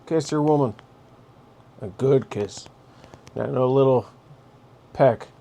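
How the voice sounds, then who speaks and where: Man, mid-pitched, blunt and direct, host of a casual advice monologue. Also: slow, vocal fry, dark tone, slight background noise. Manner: blunt, direct, giving orders.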